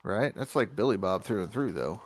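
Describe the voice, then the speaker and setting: Expressive low-voiced man with opinions. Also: a little fast, a little hiss or hum. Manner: opinionated, expressive, drops into crude rhymes. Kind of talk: casual chat.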